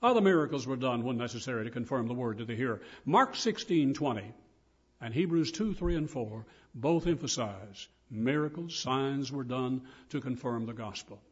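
A man's voice: medium pitch, lively intonation, moderate pace, slightly rough, highs cut off. An older man preaching a sermon, earnest and emphatic as he quotes and explains scripture.

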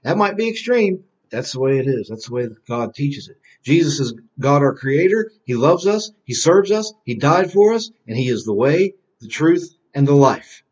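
A man's voice: on the high side, very animated, darkish tone. A man teaching a Bible lesson to children, quizzing them and repeating key phrases in call-and-response. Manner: quizzing, answering his own questions slowly; repetitive call-and-response drilling. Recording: dull lo-fi recording.

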